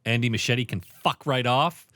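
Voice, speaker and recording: A man co-hosting a podcast, chatting casually and excitably about a movie, swearing freely. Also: medium pitch, normal speed, dry recording, clean studio sound. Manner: animated, profane, excitable. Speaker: podcast co-host. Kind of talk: casual movie review chat.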